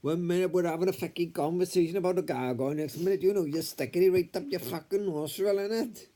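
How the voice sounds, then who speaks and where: A man's voice: sits high, fast, dark tone. Blustering man in a Welsh-Scouse accent. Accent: put-on mix of Welsh and Scouse. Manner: blustering, swears constantly, tags lines with innit. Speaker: comedy sketch performer. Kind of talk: improvised comedy bickering. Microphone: tablet camera.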